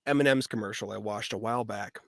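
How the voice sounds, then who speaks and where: A man, a voice actor guest on a live-stream interview, telling stories in a relaxed way and laughing easily. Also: fairly low pitch, fast, creaky, no room sound, studio quality.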